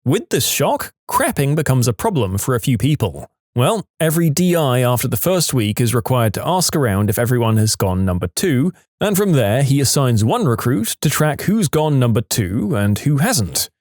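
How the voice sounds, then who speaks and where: A man narrating reddit stories aloud in a lively storytelling manner, with brief voiced quotes. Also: mid-range voice, moderate pace, hardly any pauses, no echo, clean studio sound.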